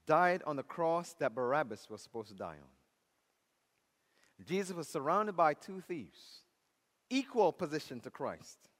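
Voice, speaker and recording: Preacher, man, high voice, fervent sermon delivery, recorded in a reverberant hall. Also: lively intonation, takes it slowly, pauses often. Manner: impassioned preaching, swinging from loud highs to near-whispers.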